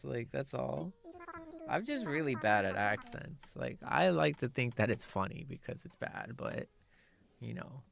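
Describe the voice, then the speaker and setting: Woman streamer just chatting, gravelly voice, rambly and self-mocking, pitch all over the place. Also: big pitch swings, measured pace. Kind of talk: casual chat while gaming.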